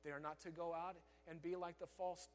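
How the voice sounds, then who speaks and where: High-voiced preaching man in a reverberant hall. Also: flat delivery, a little fast, soft background music. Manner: emphatic preaching, swinging from loud declarations to hushed asides. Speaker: pastor. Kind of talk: sermon.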